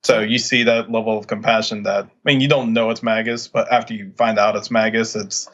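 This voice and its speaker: A man's voice: lowish voice, level tone, a little fast, fairly bright tone. Man explaining game lore, dull audio. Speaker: podcast co-host. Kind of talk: casual game discussion.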